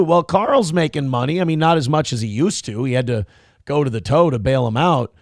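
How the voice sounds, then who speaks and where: A man's voice: a little high, expressive, moderate pace, no room sound, clean studio sound. A man hosting a live-streamed commentary show, rambling and joking crudely while reading out chat comments. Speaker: host.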